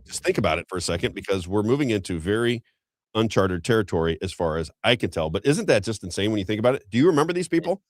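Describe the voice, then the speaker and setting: A middle-aged man hosting a talk show, telling a story in a rambling, animated way with frequent restarts. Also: on the low side, fast talker, no room sound. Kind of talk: casual storytelling commentary.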